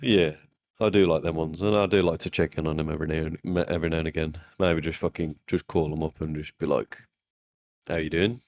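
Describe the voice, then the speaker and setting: A man's voice: rumbling low, flat delivery, fast, a little mellow. A man co-hosting a podcast, chatting in a laid-back way with casual swearing. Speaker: podcast co-host. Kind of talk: casual chat.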